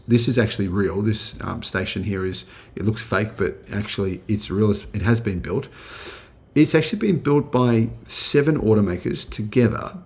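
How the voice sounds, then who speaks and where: A man's voice: mid-range voice, vocal fry, a little mellow. A middle-aged Australian man hosting his channel, chatting casually with many fillers and restarts. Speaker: channel host. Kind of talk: casual video commentary.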